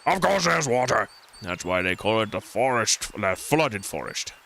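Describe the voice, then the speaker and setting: A man's voice: fairly low pitch, big pitch swings, sharp tone, heavily acted. A man voicing a stranded male howler monkey in a video game, whiny and sarcastic, dragging out his words dramatically. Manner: drawn-out, dramatic whining.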